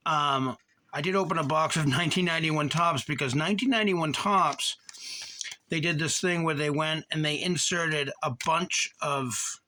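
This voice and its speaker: A man's voice: a little high, moderate pace, sharp tone, a little hiss or hum. A man hosting a card-collecting channel, chatting casually and rambling as he reads off card names while opening packs. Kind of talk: casual box-opening commentary.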